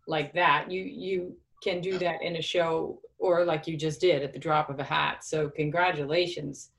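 A woman's voice: sits low, steady tone, moderate pace, gravelly. A woman hosting a casual interview, encouraging and complimentary toward her guest. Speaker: podcast host.

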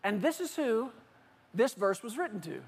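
A male preacher delivering a lively sermon, asking rhetorical questions and acting out quotes. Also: high voice, moderate pace, husky. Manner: animated, rhetorical, with acted quotes.

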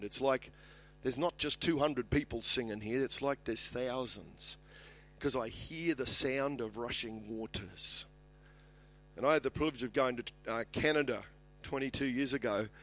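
Brief: middle-aged Australian pastor, mid-pitched, fervent sermon delivery. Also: male voice. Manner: passionate, rises in pitch and volume when reading scripture.

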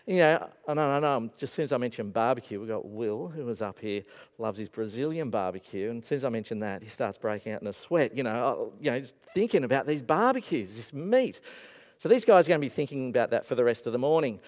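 Guy preaching a sermon, lively storytelling, mid-pitched voice, big hall reverb. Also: quick pace. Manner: animated storytelling with acted-out voices. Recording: echoey hall.

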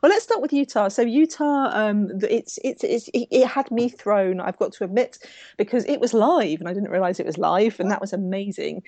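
Sleepy, slightly croaky woman chatting. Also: mid-range voice, animated, moderate pace, warm tone, no echo. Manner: chatty, rambling with restarts. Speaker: podcast co-host. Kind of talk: casual chat.

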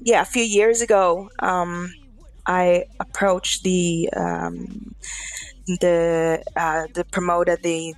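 Lively woman telling stories. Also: fairly low pitch, rough recording. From Australia. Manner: animated, acts out quotes with laughs. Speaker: guest musician. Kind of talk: casual storytelling interview.

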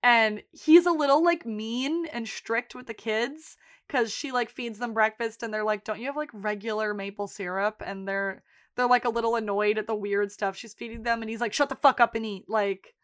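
A woman's voice: a little high, normal speed, smooth. A woman co-hosting a podcast, chatting casually and retelling scenes with quoted lines. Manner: animated retelling with quoted voices. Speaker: podcast co-host. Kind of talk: casual chat recapping a TV episode.

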